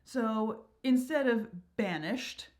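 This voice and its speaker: Excited woman host breaking down meter, kinda high voice, teachery. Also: slow pace. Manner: upbeat, enthusiastic, teacherly. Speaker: channel host. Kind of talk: explainer on verse and meter.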